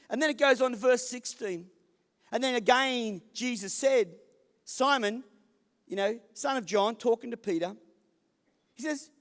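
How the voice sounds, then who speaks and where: A man, a lead pastor preaching a conversational, animated sermon, acting out the voices of the people in his story. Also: extremely high pitch, measured pace, pauses often. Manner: conversational, animated, acts out the voices of scripture figures. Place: church service in a large hall. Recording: long hall reverb.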